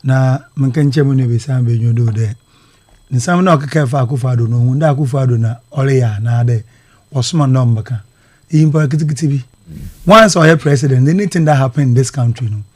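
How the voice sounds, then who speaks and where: A man's voice: mid-range voice, a little fast, darkish tone. A man with a Ghanaian accent making a political argument on live radio, switching between English and Fante and pressing his points one by one.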